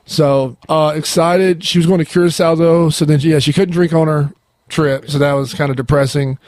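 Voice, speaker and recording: A man's voice: a little high, fairly even intonation, normal speed, a little mellow, no room sound, clean studio sound. A young man hosting a podcast, talking casually and laid-back, swearing freely and tossing in "man" and "bro". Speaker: podcast host. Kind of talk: casual conversation.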